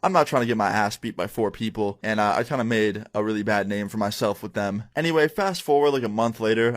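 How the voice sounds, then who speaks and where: A young man casually narrating a story, laid-back and slangy, acting out the voices of the people in it. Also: lowish voice.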